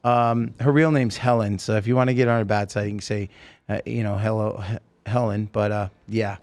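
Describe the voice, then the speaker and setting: A man hosting a podcast, telling stories in a rambling, animated way with lots of restarts. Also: on the low side, brisk. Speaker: podcast host. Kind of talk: casual chat, storytelling.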